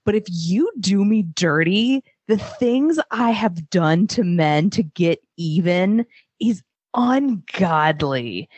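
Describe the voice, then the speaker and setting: A woman's voice: medium pitch, darkish tone, no echo. A young adult woman, a comedian guest telling bawdy stories in casual podcast chat, laughing often as she talks.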